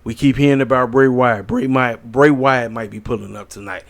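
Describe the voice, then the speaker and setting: A man's voice: medium pitch, fairly even intonation, moderate pace, gravelly. A man hosting his own wrestling channel, giving blunt, opinionated predictions in a rambling casual chat, tired and yawning late at night. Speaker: wrestling commentary channel host. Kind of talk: casual solo predictions video.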